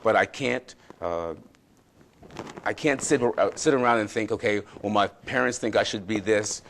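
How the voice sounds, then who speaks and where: A man's voice: on the low side, moderate pace, vocal fry, a little hiss or hum, poor audio. A man hosting a wellness talk show, speaking earnestly and telling reflective stories. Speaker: show host, fitness expert. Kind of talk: casual conversational talk.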